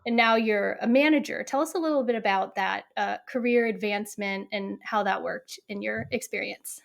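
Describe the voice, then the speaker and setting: A woman's voice: medium pitch, normal speed, gravelly. A woman hosting a podcast interview, curious and encouraging as she asks her questions. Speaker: podcast host.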